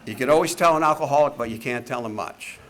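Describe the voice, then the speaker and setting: A man's voice: medium pitch, fast, a bit bright. A man in his seventies giving a talk to a recovery meeting, telling jokes and stories with a wisecracking manner and plenty of swearing. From Connecticut, USA. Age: 70s. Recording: faint background noise, archive talk recording.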